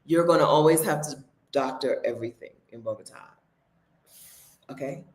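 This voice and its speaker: A woman's voice: very deep voice, normal speed, darkish tone, roomy sound, a little hiss or hum. A woman, chatting casually and laughing with her viewers during a livestream from her home. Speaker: host. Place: home near her refrigerator.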